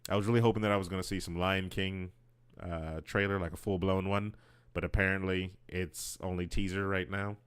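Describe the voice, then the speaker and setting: A man co-hosting a casual podcast chat, rambling and halting with frequent restarts. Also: low voice, smooth. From United States. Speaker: podcast co-host.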